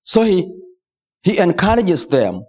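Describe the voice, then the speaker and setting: Slow, lively male preacher. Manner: slow, lively preaching with rising and falling pitch. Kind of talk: sermon.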